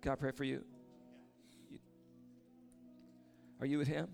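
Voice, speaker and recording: A man preaching casually, telling a lively story and then praying over people in a church or meeting hall. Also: medium pitch, unhurried, vocal fry, over music. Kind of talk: sermon with story and prayer.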